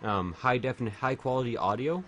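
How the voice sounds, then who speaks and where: A man streaming a game while a bit drunk, chatting in a silly, rambling way and jumping into high joking voices. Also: normal speed, a bit bright, faint music behind. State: tipsy. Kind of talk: casual livestream chat.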